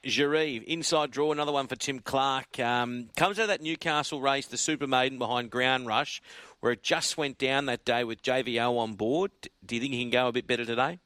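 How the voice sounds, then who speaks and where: A man's voice: mid-range voice, steady tone, fairly quick, pushed and bright, no echo. A man hosting a radio racing interview, casual, now and then stumbling over horse names.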